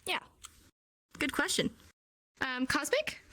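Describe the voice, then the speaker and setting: A woman's voice: sits high, very animated, slow pace, bright, forceful tone. Chatty young woman teaching a class. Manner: chatty, laughs often, many fillers. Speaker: sign language teacher. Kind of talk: casual teaching in a virtual class.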